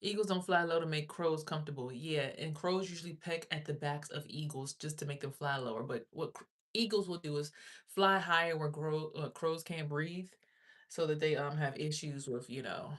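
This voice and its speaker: A woman chats on a livestream in a loose, rambling way and swears freely as she talks straight to her viewers. Her voice sits on the low side. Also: moderate pace, a bit bright. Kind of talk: casual livestream chat.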